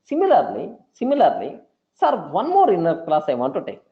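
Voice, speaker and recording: A man's voice: a little high, wildly swooping pitch, brisk. A man teaching a beginner programming lecture who keeps repeating words and calls his listeners "sir". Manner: repetitive, addresses listeners as sir. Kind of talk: live coding lecture. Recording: dull lo-fi audio.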